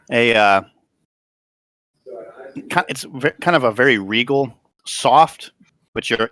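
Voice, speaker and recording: A man acting as game master for a tabletop game, describing the scene as he goes. His voice sits low but sounds bright and forward. He stops and restarts often while finding his words. The recording is dry and close. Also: no room sound. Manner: hesitant, searching for words.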